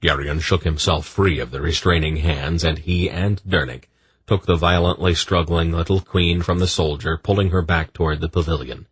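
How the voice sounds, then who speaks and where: A man narrating an audiobook in a measured storytelling manner. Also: deep voice, steady tone, husky, dry recording. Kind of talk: scripted narration.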